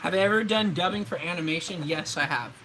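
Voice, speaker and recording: A man's voice: high voice, fast talker, pushed and bright, a little hiss or hum, low-quality recording. A man in his twenties, a voice actor, chatting casually on a live stream and answering viewer questions in a laid-back way.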